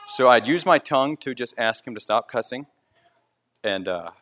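A man's voice: medium pitch, lively intonation, moderate pace, fairly bright tone. A man who leads a concrete crew tells a story in casual, earnest speech full of restarts. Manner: rambling, with frequent restarts.

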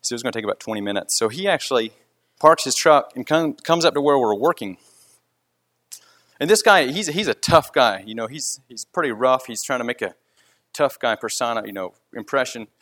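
A man's voice: mid-range voice, fairly quick, a bit bright. A man who leads a concrete crew tells a story in casual, earnest speech full of restarts. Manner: rambling, with frequent restarts.

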